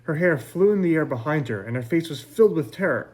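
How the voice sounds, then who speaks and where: A man's voice: on the high side, expressive, a little mellow. Man reading his novel aloud. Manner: measured first-person narration. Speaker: author. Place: library event.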